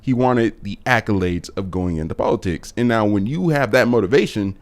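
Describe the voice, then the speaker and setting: Low-voiced man commentating on politics. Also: lively intonation, a little fast. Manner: talks in long, explaining stretches. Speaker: guest commentator. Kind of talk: casual political chat.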